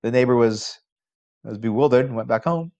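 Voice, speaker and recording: A male philosophy professor giving a college lecture at a middle pitch. He is conversational and often poses rhetorical questions. He grows animated in stories and restarts phrases as he goes. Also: moderate pace, lo-fi sound.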